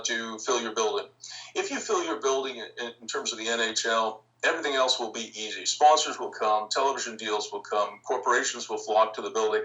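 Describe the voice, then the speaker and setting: An older man, guest on a podcast, telling long anecdotes in an animated way, chuckling now and then. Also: mid-range voice, distant mic, poor audio. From Canada. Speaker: interview guest, hockey team founder. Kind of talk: storytelling podcast interview.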